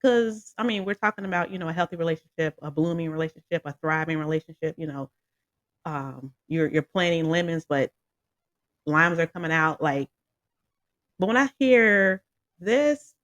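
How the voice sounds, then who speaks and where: Casual song reviewer, rambling, lots of fillers, laughs often, talks to viewers, mid pitch, dry close sound. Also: normal speed, no room sound, dull audio. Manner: rambling and animated, with many fillers and frequent laughs.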